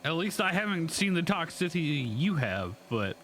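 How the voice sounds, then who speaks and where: A man's voice: fairly high pitch, sing-song, moderate pace, a bit bright, slight background noise. A tired, sick man co-hosting a laid-back gaming chat, laughing often. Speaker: gaming video co-host.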